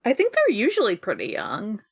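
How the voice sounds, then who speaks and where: A woman's voice: medium pitch, huge pitch swings, brisk, gravelly, slightly rough. A woman co-hosting an anime podcast, chatty and giggly, full of "like" and gushing over cute scenes. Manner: chatty and giggly, lots of fillers, gushes over cute moments. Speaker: podcast co-host. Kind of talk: casual chat about an anime episode.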